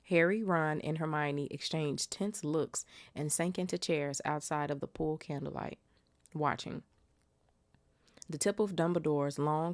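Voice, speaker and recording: A woman's voice: low-pitched, gravelly, dry recording. A woman hosting a casual book reaction podcast, chatting in slang and reading the chapter aloud. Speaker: podcast host.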